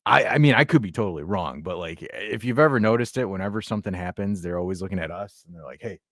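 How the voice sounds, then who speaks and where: A man's voice: on the low side, animated, fast talker, a bit bright, dry recording, clean studio sound. A man hosting a podcast, joking in casual chat and stumbling over his words. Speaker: podcast host.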